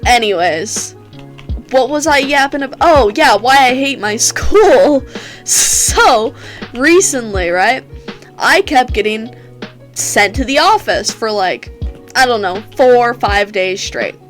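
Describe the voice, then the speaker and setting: A woman's voice: a little high, animated, takes it slowly, soft background music. A teenage girl telling rambling, profane stories in a casual chat while she plays a game, laughing often. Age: teens. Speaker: gaming streamer. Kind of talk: casual storytelling while gaming.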